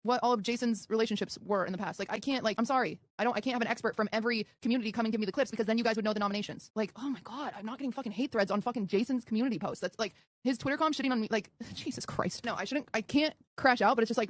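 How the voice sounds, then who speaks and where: Woman streamer, thirties, high pitch, dry close mic, worn-out and exasperated. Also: racing, hardly any pauses, no echo. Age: 30s. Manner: exasperated, profane. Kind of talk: livestream ranting.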